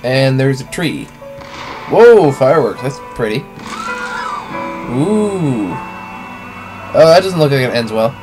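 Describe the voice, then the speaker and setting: A man talks through a game from his reclining chair at home, relaxed and cursing freely as he thinks aloud. His pitch swings lively up and down while he comments. Faint music plays under his voice. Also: moderate pace. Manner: laid-back, swears casually, thinks aloud. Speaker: let's play host. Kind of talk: casual gaming commentary.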